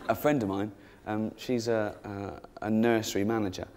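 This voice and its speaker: A man's voice: on the low side, little pitch movement, moderate pace. Giggling man doing stand-up. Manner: cheeky, giggling, rambling asides. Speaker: stand-up comedian. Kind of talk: stand-up comedy routine. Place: comedy stage before an audience. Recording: noisy live stage recording.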